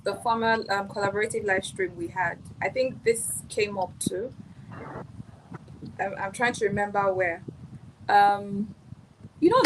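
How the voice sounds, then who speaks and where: A woman's voice: mid-range voice, a bit bright, rough recording. An earnest woman speaks as a guest on a live-streamed panel, making her points with emphasis and bringing faith into them. Faint background noise runs under her voice. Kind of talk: casual panel chat.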